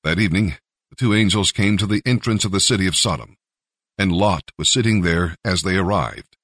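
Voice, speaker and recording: A man narrating a scripture story with expressive storytelling. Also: deep voice, fairly quick, no room sound, clean studio sound. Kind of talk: scripture reading.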